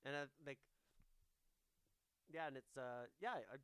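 A man in casual chat, talking haltingly with lots of restarts and hedging. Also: mid-range voice, steady tone, a bit bright, clear, resonant tone, no echo. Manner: halting, many fillers and restarts.

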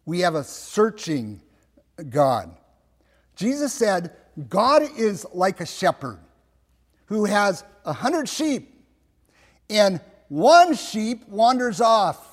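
A pastor preaching a sermon, slow and emphatic, asking his listeners rhetorical questions. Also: high voice, very animated, big-room sound.

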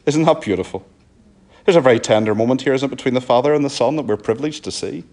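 A man with a Northern Irish accent preaching a sermon, earnest and pleading, often sinking to a soft, low emphasis. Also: fast. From Northern Ireland.

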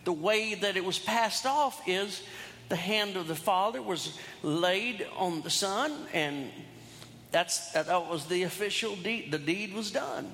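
A man's voice: high-pitched, takes it slowly, fairly bright tone, big-room sound. A man preaching a sermon, retelling a story in a folksy, humorous way with asides to his congregation. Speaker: pastor.

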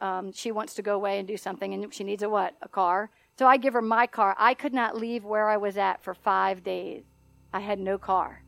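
A middle-aged woman minister telling a story in a sermon, animated and often laughing as she acts out the voices in it. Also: mid-range voice, gravelly, no echo.

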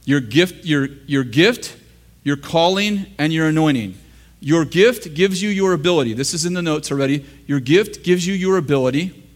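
A slightly high, animated voice at a moderate pace belongs to an American pastor preaching a sermon in a church. Teaching the congregation, he jokes with them and chuckles at his own lines.

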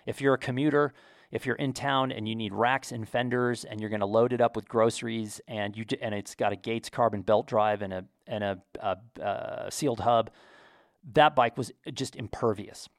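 A man's voice: on the low side, steady tone, normal speed, no room sound, studio quality. An American man telling an enthusiastic, chatty story to his viewers in a casual vlog. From United States. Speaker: vlogger. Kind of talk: casual talk to camera.

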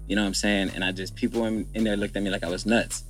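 A young man with a low voice tells his story bluntly, full of slang and swearing, in a candid podcast chat. Faint music runs underneath. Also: steady tone, racing. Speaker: guest.

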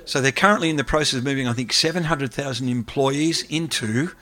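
A man, an academic, giving a lively lecture and taking questions from the audience. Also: medium pitch, fairly quick. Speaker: academic speaker.

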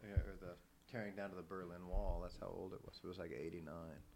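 A man's voice: deep voice, level tone, a little fast, creaky, a little mellow, a little hiss or hum. A middle-aged man from Iowa, a voice actor, telling stories in a casual interview, profane and self-deprecating. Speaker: voice actor, guest.

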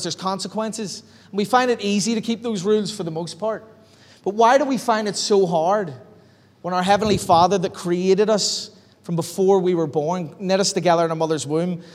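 A man preaching a sermon as pastor, animated, acting out bits of dialogue in different voices. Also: high voice. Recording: long hall reverb.

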